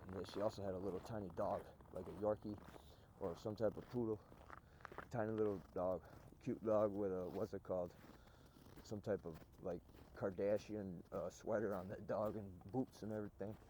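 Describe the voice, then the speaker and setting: A man's voice: lowish voice, steady tone, moderate pace, mellow, a little hiss or hum, rough recording. A man telling a rambling story for his vlog outdoors, swearing oaths and restarting his sentences over and over. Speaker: vlogger. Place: outdoors in snow.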